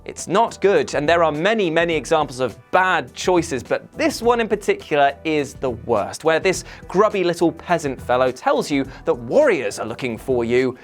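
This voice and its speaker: Brief: host, animated pitch, sarcastic comic delivery, faint music under. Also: male voice, moderate pace, hardly any pauses. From Britain. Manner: sardonic, lively, jokey. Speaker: gaming video host. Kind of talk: scripted comedic countdown.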